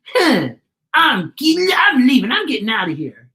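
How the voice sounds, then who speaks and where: A woman putting on a scowling storybook bully who huffs off in a high, squeaky voice. The voice is bright and piercing, and the sulky huff comes through in every sound. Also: huge pitch swings, normal speed, exaggerated voice. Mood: huffy. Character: scowling schoolyard bully, a big kid.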